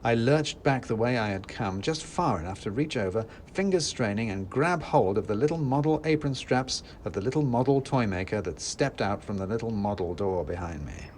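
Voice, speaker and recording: A low-voiced man tells a scripted story in first person with dry, wry humor. His delivery rises and falls animatedly. Faint noise hums underneath. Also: moderate pace, few pauses. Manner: dry and wry, with lively acted quotes.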